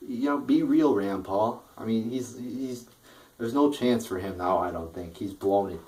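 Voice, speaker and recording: A man rants about politics in a heated, profane way. He keeps stumbling into stammering restarts. His voice sits low, and he is recorded from a short distance off the mic. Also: measured pace, darkish tone. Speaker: political vlogger. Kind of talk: angry political rant.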